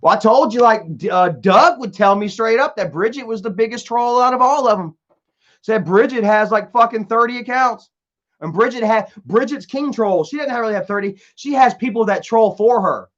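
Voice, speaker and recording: A man's voice: high-pitched, lively intonation, normal speed, a bit bright. A young man live streaming, rambling and repeating himself while reading out viewer comments, often stumbling and restarting. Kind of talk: casual live stream chat. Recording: dull lo-fi stream audio.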